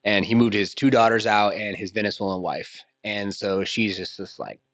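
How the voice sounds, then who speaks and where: A man with a fairly low voice talks loosely on a podcast, piling up slang and swear words as his story rambles on. The sound is dry and close to the microphone. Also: fairly even intonation, normal speed, fairly bright tone, no echo. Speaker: podcast host. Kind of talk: casual podcast conversation.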